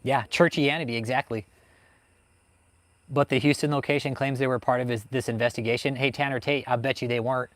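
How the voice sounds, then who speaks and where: Slightly fast, steady, and medium in pitch, his fairly bright voice is recorded without echo. He's hosting a cults livestream, reading chat and ranting angrily with nonstop profanity.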